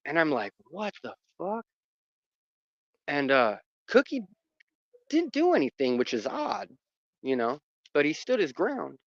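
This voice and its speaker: Here a dog owner recounts a personal story in an unhurried, rambling way, stumbling through fillers and restarts. His fairly high voice swoops wildly in pitch, and the lo-fi recording is dry and muffled with no echo.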